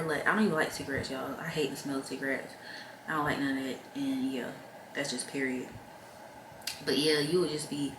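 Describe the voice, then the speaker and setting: Young woman vlogger, low voice, frank and weary, talking to camera in an echoey room. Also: a bit bright, a little hiss or hum. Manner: frank, heavy-hearted, addresses viewers directly. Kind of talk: candid personal storytelling to camera. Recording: roomy echo with faint ambience.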